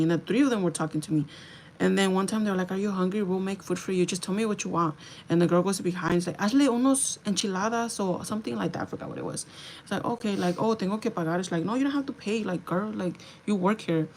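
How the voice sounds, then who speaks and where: A young woman tells her viewers a long story on a livestream, chatty and animated, swearing now and then and slipping into Spanish. Her voice sits a little low. A faint background hiss runs under it. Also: rough recording. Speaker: livestream host.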